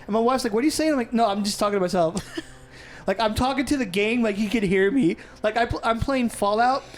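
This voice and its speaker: A woman with a somewhat high voice co-hosts a loose, casual podcast. She swears freely and jumps into acted-out voices when she retells a scene. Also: a little fast, a little hiss or hum. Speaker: podcast co-host. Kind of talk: casual chat.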